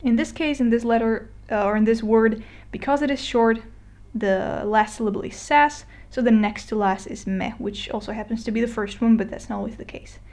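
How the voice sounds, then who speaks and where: A woman giving a casual explainer lesson, chatty with fillers and restarts, slowing down to model words. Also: a little high, steady tone, a little mellow. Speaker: Spanish teacher. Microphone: voice-over on a screen recording.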